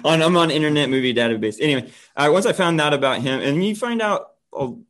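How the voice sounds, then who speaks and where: Casting: male co-host, relaxed and offhand, a bit hesitant, mid-low voice. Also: fast, few pauses. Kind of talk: casual chat.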